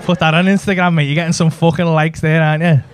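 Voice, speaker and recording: A man's voice: on the high side, level tone, fast talker, clear, resonant tone. A man, telling a brash, sweary story in a stand-up set. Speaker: stand-up comedian. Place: comedy club stage with audience laughter.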